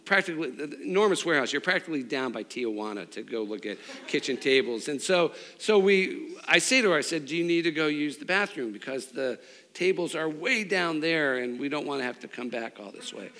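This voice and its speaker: A middle-aged man preaching a sermon, telling a personal story with restarts and swings between loud and hushed. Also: on the high side. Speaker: pastor. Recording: long hall reverb.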